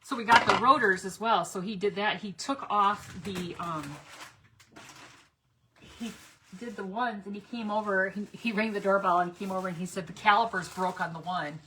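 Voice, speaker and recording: A woman's voice: medium pitch, normal speed, sharp tone, a little hiss or hum. A middle-aged woman rambling through stories in a casual craft vlog, chatty and laughing between asides.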